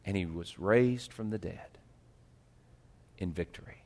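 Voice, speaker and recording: A male pastor preaching a sermon, swinging from hushed, slow lines to loud, rising appeals. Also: sits low, creaky.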